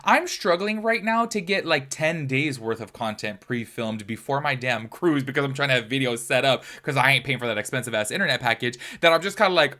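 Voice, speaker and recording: A man's voice: mid-range voice, fairly quick, few pauses. Chatty man, mid-range voice, casual commentary, reads aloud, exclaims often, recording from home. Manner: chatty and expressive, often exclaiming, with frequent fillers. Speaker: commentary YouTuber. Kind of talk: casual reaction commentary, reading an article aloud.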